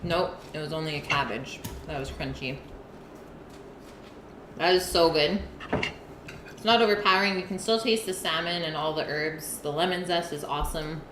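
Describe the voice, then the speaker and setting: A woman with a deep voice hosts a live cooking stream, speaking at normal speed but with long pauses. She eats and chats casually with her viewers, reading their messages aloud, and the home stream audio sounds roomy and noisy.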